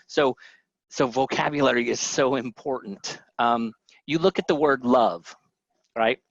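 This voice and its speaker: A man's voice: mid-range voice, measured pace, creaky, no room sound. Casual man teaching in a dry, muffled voice. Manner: conversational, many fillers and restarts. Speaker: webinar presenter. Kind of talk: casual teaching talk with audience questions.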